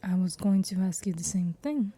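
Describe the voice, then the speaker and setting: A woman's voice: mid-range voice, unhurried, mellow. A woman voicing a charming, teasing young male tour guide in a whispered role-play. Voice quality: breathy whisper. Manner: teasing, playful.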